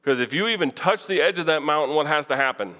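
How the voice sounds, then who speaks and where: Guy teaching bible class, kinda high voice, chatty, asks the room stuff, church echo. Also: lively intonation, fast talker, bright, forceful tone. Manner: conversational, asks the room questions, chuckles. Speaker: preacher. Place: church hall. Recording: long church reverb.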